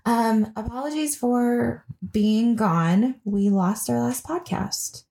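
A woman's voice: a little high, takes it slowly, creaky, dark tone. A woman hosting a podcast in casual chat, chatty and laughing often, with fillers. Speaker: podcast host.

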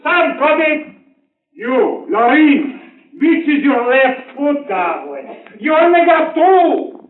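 A man's voice: very high voice, big pitch swings, slow pace, heavily acted. An actor playing a fussy male dance director calling counts to a chorus line in a 1950s radio drama. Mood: exasperated. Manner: shouting counts, coaxing and exasperated. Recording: echoey stage from far off, tinny old radio recording, loud piano.

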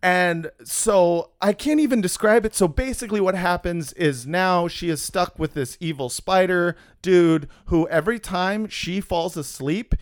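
A man's voice: high voice, measured pace, few pauses, no room sound, studio quality. A man co-hosting a casual comedy podcast, recapping a film in a rambling, profane way with many restarts.

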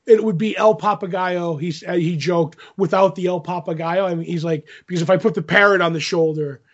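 A man with a high-pitched, husky voice chats casually, heard through dull audio, as he tells a rambling story about a convention. He acts out the quotes and says "I'm like" again and again.

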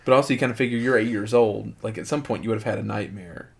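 A middle-aged man, a father, talking with his child in a relaxed, chatty way, often saying "like". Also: lowish voice, fast talker, gravelly. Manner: relaxed, chatty, heavy use of "like". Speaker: father and show co-host. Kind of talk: casual family chat.

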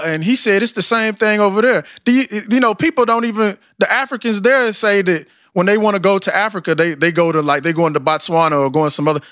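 A man's voice: sits high, a bit bright, no room sound, clean studio sound. A man with a Southern American twang, talking in a casual, passionate, rambling way and often asking "you know what I'm saying". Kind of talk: casual conversation.

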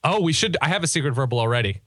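A young man co-hosts a sports podcast in a loose, joking chat, rambling and correcting himself as he goes. His voice sits at a middling pitch and is recorded close and dry, with no room sound. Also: animated, very fast, a bit bright, no room sound. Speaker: podcast co-host. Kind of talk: casual chat.

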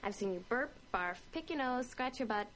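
A woman's voice: a little high, expressive, normal speed, fairly bright tone, slight background noise, low-quality recording. An actress playing a blunt, guarded teenage girl in a TV teen drama, speaking in a matter-of-fact, defensive way. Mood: earnest.

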